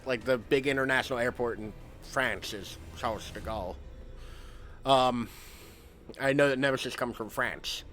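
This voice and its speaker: A man's voice: mid-range voice, moderate pace, fairly bright tone, faint music behind. A young man from the United States giving rambling, self-mocking commentary while he streams a game. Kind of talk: casual gameplay commentary.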